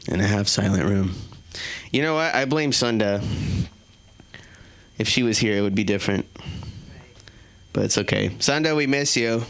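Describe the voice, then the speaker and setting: A man's voice: on the low side, moderate pace, vocal fry, long pauses, fairly bright tone. A man doing a stand-up set in a small comedy club, self-deprecating and chatting with the crowd.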